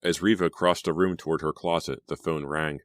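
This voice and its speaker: A man narrating an audiobook in a steady storytelling manner. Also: very deep voice, moderate pace, no room sound, studio quality.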